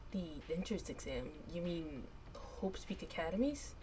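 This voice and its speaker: A woman streamer reading a game aloud and voicing its characters, animated, with a voice that cracks and goes raspy up high. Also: unhurried, over music. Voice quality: raspy in higher register. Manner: animated, laughs often, voice cracks on high notes. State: hiccups.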